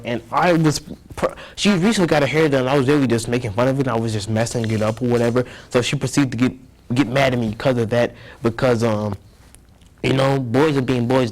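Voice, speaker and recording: A young man telling a story as an interview guest, rambling and earnest, often repeating himself. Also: mid-range voice.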